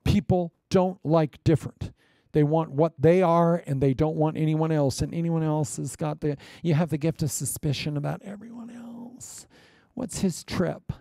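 Male pastor, middle-aged, gravelly dark tone, playful sermon delivery with loud peaks and murmured asides. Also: a little high, moderate pace, no echo, studio quality. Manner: lively, joking, swings between loud proclamations and quiet asides.

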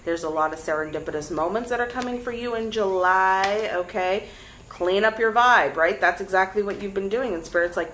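A young woman giving a casual tarot reading to camera, chatty and lively, talking straight to her viewers. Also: medium pitch, normal speed, a little hiss or hum, low-quality recording. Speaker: tarot reader.

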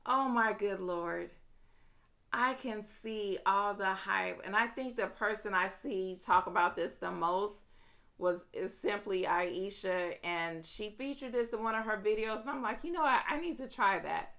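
Late at night, a woman vlogs a casual fragrance review, gushing with drawn-out exclamations and calling her viewers "y'all." Her voice sits in the mid range with a fairly bright tone.

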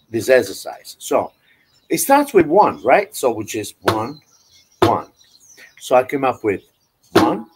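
A man with an Italian accent teaching an online drum lesson, loosely explaining with many "you know"s and counting beats out loud. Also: mid-range voice, heavy background noise. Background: drum playing.

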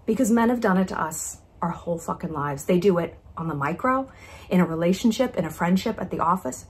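A woman's voice: on the low side, lively intonation, brisk, breathy edge. A woman in her thirties hosting a casual talk video, brash and profane, dripping with sarcasm and mock-sweet patronizing asides. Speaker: YouTube commentary host. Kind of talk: casual monologue to camera.

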